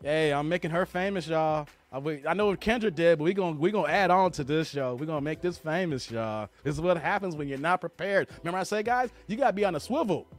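A man's voice: on the high side, lively intonation, fast, few pauses. A man hosting a live stream, laughing and teasing as he reads the chat aloud. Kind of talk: casual live stream commentary.

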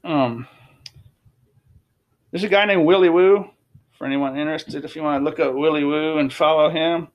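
Male host, slightly higher voice, emphatic casual chart commentary with lots of repetition. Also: fairly even intonation, moderate pace, pauses often, lo-fi sound. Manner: emphatic, repetitive, restarts phrases. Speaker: crypto commentator.

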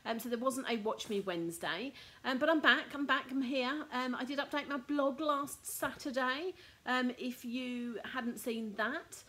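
A woman's voice: high voice, a little slow, fairly bright tone. A middle-aged woman from the UK hosting a casual live craft demo, chatty with lots of ums. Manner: chatty, frequent ums, laughs at herself. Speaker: card making teacher and host.

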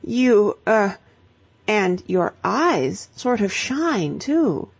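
A devoted young gentleman from a storybook, as a woman narrator puts him on, speaking in slow, halting, meditative phrases. The voice stays husky and a touch gravelly. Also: mid-range voice, sing-song, exaggerated voice.

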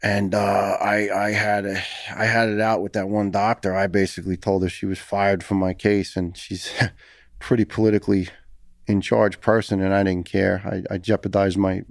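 Gravelly low-voiced man telling a story. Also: flat delivery, moderate pace, no echo, clean studio sound. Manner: earnest, heated, repeats words when emotional. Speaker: podcast guest, retired firefighter. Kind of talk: casual storytelling interview.

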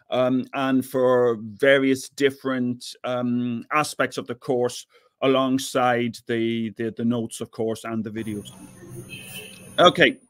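A man's voice: mid-range voice, dry recording. Middle-aged Irish man, professor lecturing over a video call, conversational with frequent restarts, dry close sound. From Ireland, near the Northern Ireland border. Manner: chatty, repeats words while thinking. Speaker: physics professor giving an invited talk. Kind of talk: online lecture.

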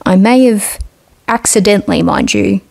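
A woman reading aloud voices a teasing vampire man who is the heroine's brother, keeping close to her own low voice. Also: expressive, moderate pace, creaky, a little mellow. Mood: defensive.

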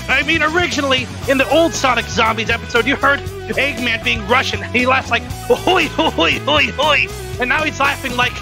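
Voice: high voice, rough recording. A performer voicing a male mad scientist in a fan reaction video, laughing often and swearing as he comments, with music in the background. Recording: music playing behind.

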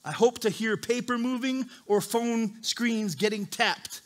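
A man with a high voice preaches to his congregation as their pastor. He reads scripture in a calm, measured way, then breaks into loud, animated asides. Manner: animated, swings from quiet reading to loud emphasis. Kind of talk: sermon with scripture reading. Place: church service.

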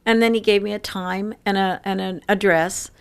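A woman around sixty telling stories in an interview, lively and laughing often. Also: medium pitch, normal speed, creaky, clean tone. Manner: lively storyteller who laughs often and acts out quoted voices. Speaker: interview guest. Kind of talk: casual storytelling interview.

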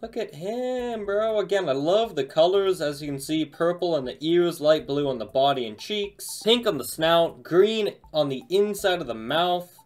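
A man hosting a casual toy unboxing review, talking in an excited, chatty, slangy way. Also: a little high, normal speed, few pauses.

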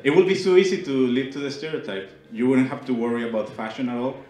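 A man's voice: medium pitch, animated, fast, darkish tone, a little hiss or hum. A young man from Mexico with a Mexican Spanish accent, Spanish as his first language, performing a playful stand-up set and teasing the audience on a small club stage. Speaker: stand-up comedian. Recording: roomy club sound. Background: audience laughter.

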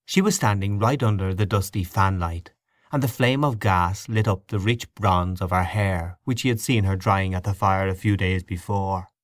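A man reading a literary short story aloud as an audiobook narrator, in a measured, expressive way. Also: low-pitched, dry recording, studio quality.

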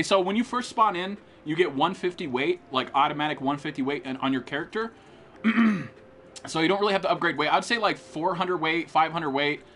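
Here a young American man does live gameplay commentary, throwing out profane, hyped trash talk while chatting with his audience. His pitch is fairly high and his tone sharp.

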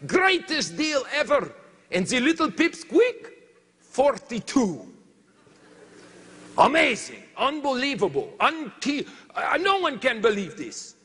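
A man putting on a French-accented lumberjack who tells a comic tale in halting, broken English. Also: very high voice, sing-song, sharp tone, slightly rough, big-room sound, exaggerated voice. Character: boastful male French lumberjack, adult. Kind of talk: comic storytelling on stage.

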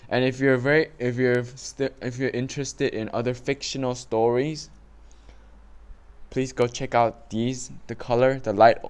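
A man reading a children's storybook aloud slowly and carefully, with small stumbles, then giving his listeners instructions. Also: medium pitch, darkish tone, smooth. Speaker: reader for a class.

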